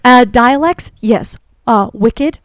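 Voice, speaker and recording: A woman's voice: fairly high pitch, slow, no echo. A woman co-hosting a podcast in casual chat, talking loosely with lots of fillers and easy laughs. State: sore neck from character acting. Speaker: podcast co-host.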